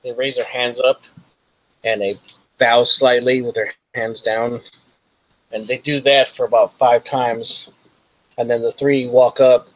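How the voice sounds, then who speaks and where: Slow, halting game master. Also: male voice, mid-range voice, little pitch movement, lo-fi sound. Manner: rambling, halting, full of ums. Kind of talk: narrating a tabletop game.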